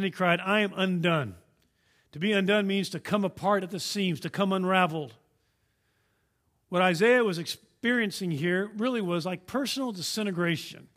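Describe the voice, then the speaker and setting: A man preaching a sermon, earnest and emphatic, swinging from raised declarations down to hushed lines, often repeating and restarting words. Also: high-pitched. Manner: earnest, emphatic, rising and dropping to a hush.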